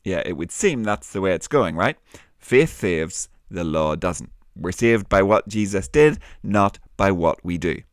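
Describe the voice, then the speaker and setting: A man hosting a kids' Bible podcast, his low-pitched voice moving up and down with lots of life. He talks warmly and like a teacher. The recording is dry and close. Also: unhurried, no echo. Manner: warm, lively, teacherly. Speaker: children's podcast host.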